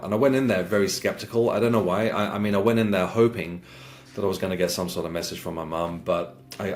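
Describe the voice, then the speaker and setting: A man recounting a personal spiritual experience in a conversational, earnest way, often repeating words and restarting sentences. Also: low-pitched. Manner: earnest, reflective. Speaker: guest sharing a spiritual experience.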